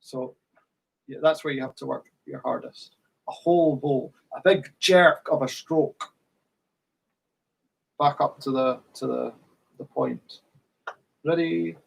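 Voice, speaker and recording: Guy teaching fiddle online, kinda high voice, husky, counts you in. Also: slow, pauses often, poor audio. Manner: patient, counts in and sings rhythms. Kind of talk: online music workshop teaching.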